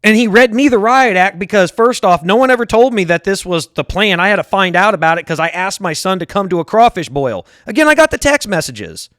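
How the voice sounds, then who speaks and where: A man's voice: high-pitched, animated, brisk, hardly any pauses, fairly bright tone, no echo, studio quality. A man in his thirties hosting his own show, venting in a heated, profane monologue and often repeating himself. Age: 30s. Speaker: show host. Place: lives in Harris County, Texas.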